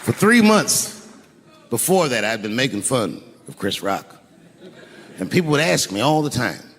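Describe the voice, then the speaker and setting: A man doing stand-up, telling a story in a lively, profane way and acting out the people in it, recorded live on an arena stage. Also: mid-range voice, normal speed. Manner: animated, profane, acts out voices. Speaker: stand-up comedian. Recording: live arena recording with long reverb and crowd noise.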